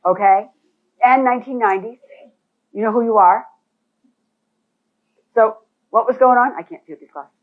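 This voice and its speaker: Her pitch fairly high, a woman presents at a real estate boot camp at a moderate pace with long pauses. Animated and emphatic, she talks straight to the room, and the sound is thin and phone-like.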